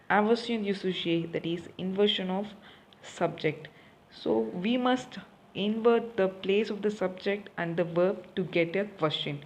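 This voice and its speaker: A woman's voice: mid-range voice, darkish tone, a little hiss or hum. A young woman teaching a recorded French lesson. She asks questions and answers them herself, often repeating key points.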